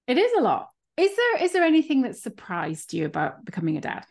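A woman's voice: a little high, huge pitch swings, fast talker, creaky, darkish tone. Frank middle-aged woman hosting a chat. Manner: frank, open, laughs easily. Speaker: podcast host, coach. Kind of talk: casual interview chat.

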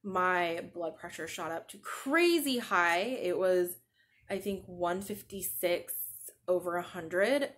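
A woman in her thirties hosts a podcast in a lowish voice with a fairly bright tone. Sleep-deprived as a new mother, she chats casually and rambles, saying "like" a lot.

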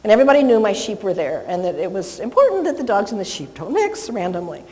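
A woman dog trainer teaching a live class, chatty and animated, cooing softly when she praises a dog. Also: medium pitch, fast talker. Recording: long hall reverb.

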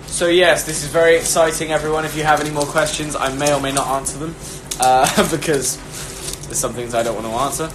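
A young man with a fairly high voice hosts a phone live stream, giggly and rambling as he chats. He sounds as though he is in an echoey room, with noise clearly audible behind him. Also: level tone, fast. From Britain. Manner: chatty, giggly, rambling with restarts. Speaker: host of an Instagram live stream. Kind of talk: casual live-stream chat.

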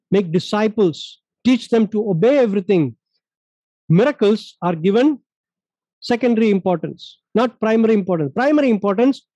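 A man from India teaches a Bible study in a high, mellow voice, pressing each point home and repeating verses. The sound is dry and close. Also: no echo, muffled recording.

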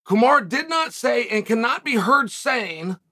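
Male host, commentary monologue, sharp bright tone, emphatic and sarcastic. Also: extremely high pitch, lively intonation, unhurried. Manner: emphatic, argumentative, sarcastic asides.

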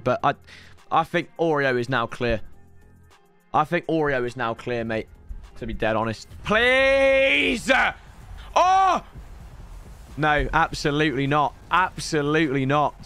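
A young man, streaming a pack opening, slightly hoarse. He talks in an excitable way, swinging between shouting and grumbling. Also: fairly high pitch.

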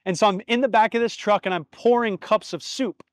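A man in his thirties speaks in a fairly high voice as host of his own podcast. He tells stories and reflects earnestly and from the heart, dropping casual swear words. The sound is dry and close, with no room echo. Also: a little fast. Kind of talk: reflective solo podcast monologue.

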